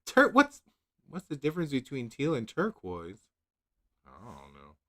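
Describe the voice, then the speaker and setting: Animated, rambling man with a drawl. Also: mid-range voice, unhurried. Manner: rambling, self-questioning, laughs at himself; reads product blurbs in a mock-dramatic voice. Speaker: nail polish channel host. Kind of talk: casual livestream chat.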